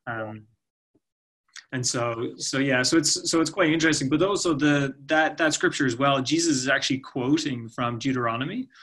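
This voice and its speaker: A man's voice: medium pitch, normal speed, a bit bright. A man who works for a nonprofit ministry, a guest on a podcast, explaining scripture thoughtfully, with many restarts and "you know"s. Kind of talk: podcast interview answer.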